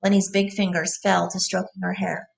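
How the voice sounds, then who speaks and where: Gravelly-voiced woman reading a novel aloud to a class, explaining words as she goes. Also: mid-range voice, level tone, normal speed, distant mic. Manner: plain reading with side glosses.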